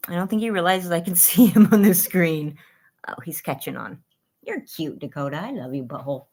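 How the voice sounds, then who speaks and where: A woman's voice: on the low side, lively intonation, fairly quick, a little mellow. A woman hosting a casual livestream, greeting viewers by name and cooing at her dogs in a bubbly way. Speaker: livestream host.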